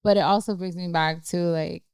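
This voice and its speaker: A woman, a podcast guest, reflecting gently on faith in casual conversation with soft affirmations. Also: fairly low pitch, steady tone, moderate pace, clear, resonant tone, no echo, clean studio sound. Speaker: podcast guest, coffee roaster. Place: indoors in a cafe.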